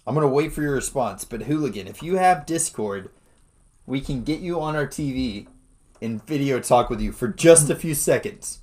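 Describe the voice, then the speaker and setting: A man co-hosting a casual podcast, excitable and chatty, swearing casually and saying "dude" a lot. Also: medium pitch, normal speed. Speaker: podcast co-host. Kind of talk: casual chat.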